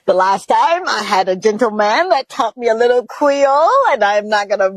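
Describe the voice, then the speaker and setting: Woman, talk show host, high-pitched, dry recording, bubbly, laughs often. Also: animated, normal speed, no echo, low-quality recording. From Mississippi, USA. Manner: bubbly, laughs often, speaks straight to viewers. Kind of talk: upbeat talk show hosting.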